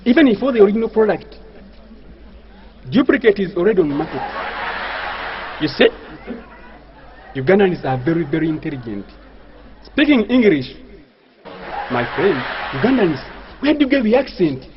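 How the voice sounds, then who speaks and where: A man's voice: high-pitched, very animated, normal speed, long pauses, noisy background. A man doing a stand-up comedy routine, with a mock-pompous manner and grand words, over audience laughter. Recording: dull lo-fi live recording.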